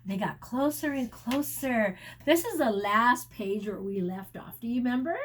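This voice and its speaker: A woman teacher reads a picture book aloud to children, often stopping to explain words and tossing in sound effects and asides. Her voice is a little high.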